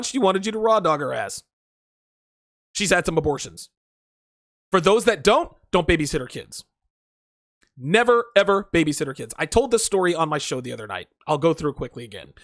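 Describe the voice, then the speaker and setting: A man's voice: high-pitched, a bit bright, dry recording, studio quality. A man hosting a dating advice stream, talking in a crude, profane, rambling solo monologue and repeating himself for emphasis.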